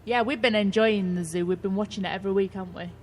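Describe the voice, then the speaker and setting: A woman's voice: medium pitch, fairly even intonation, fast talker, a little mellow, slight background noise. Chatty woman co-hosting a radio show. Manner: chatty, spins long rambling theories. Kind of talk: casual chat.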